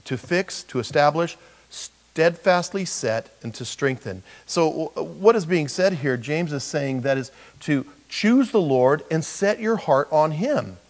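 A man's voice: a little high, animated, unhurried, low-quality recording. A middle-aged male pastor preaching a conversational sermon, full of rhetorical questions and humor.

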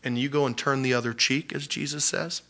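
Bright-voiced pastor preaching conversationally. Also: male voice, mid-range voice, steady tone, brisk. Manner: conversational, laughs often, acts out voices. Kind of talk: sermon teaching.

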